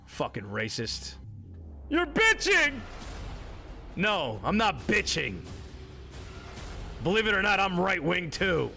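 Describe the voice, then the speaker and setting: A man's voice: high voice, lively intonation, measured pace, creaky, bright, forceful tone, soft background music. A man live streaming, ranting at his chat with heavy swearing, mocking viewers and laughing often. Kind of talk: profane rant at live chat.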